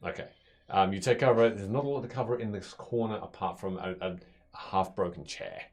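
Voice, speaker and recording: A man narrating as game master of a tabletop game, halting and full of fillers and restarts. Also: on the low side, a little mellow.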